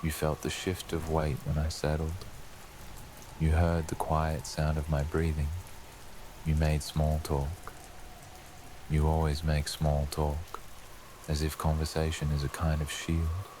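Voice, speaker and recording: Very deep, slow, ominous male narrator. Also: monotone, darkish tone, slight background noise. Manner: slow, ominous second-person telling as a lurking presence. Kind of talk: scripted horror narration for sleep.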